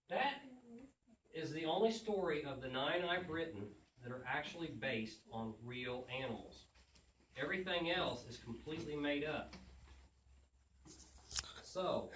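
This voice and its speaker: A man visiting a school as a children's author, telling homespun stories in a folksy, questioning way. He keeps turning to the kids with questions. The sound is roomy and echoey, picked up from some distance away, with a faint hiss underneath. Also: on the high side. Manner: lively, questioning, folksy storyteller. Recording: echoey room, mic from afar.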